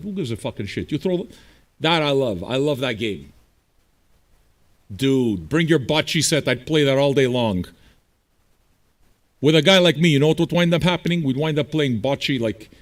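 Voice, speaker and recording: Profane, lively-voiced man host. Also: mid-range voice. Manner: blunt, profane, combative banter. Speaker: streaming radio DJ host. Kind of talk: casual livestream chat answering viewers.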